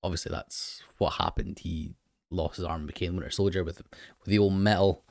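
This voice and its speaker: A man's voice: low voice, steady tone, normal speed, vocal fry, a little mellow, no room sound, clean studio sound. A man recapping an episode in a casual, enthusiastic way, with laughing asides and frequent ums.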